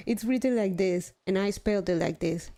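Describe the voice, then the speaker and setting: A young woman chats casually on a live stream in an unhurried, drawn-out way. Her talk is loose and self-mocking, with a swear word here and there. Her voice sits at an ordinary middle pitch. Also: darkish tone. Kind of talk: casual chat while gaming.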